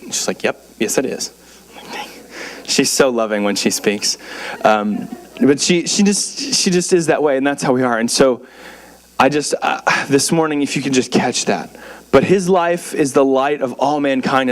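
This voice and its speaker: A young man preaches from a church pulpit in a loose, conversational way. He keeps repeating words and dropping in fillers. His voice sits a little higher than most men's. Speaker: pastor. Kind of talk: sermon.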